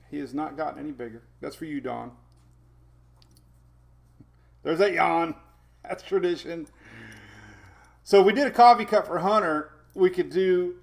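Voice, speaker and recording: A man's voice: fairly high pitch, creaky. A man hosting a casual weather live stream from home, rambling as he reads out viewer names and talks to his puppies. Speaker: weather show host.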